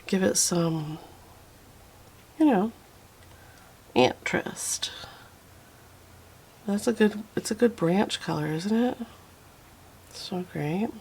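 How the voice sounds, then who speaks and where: A woman's voice: medium pitch, takes it slowly, creaky, long pauses, a little hiss or hum. A woman teaching a watercolor painting tutorial, talking to herself as she works and often slipping into a whisper. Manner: soft, often drops to a whisper while painting; relaxed, self-talking, fond of little asides.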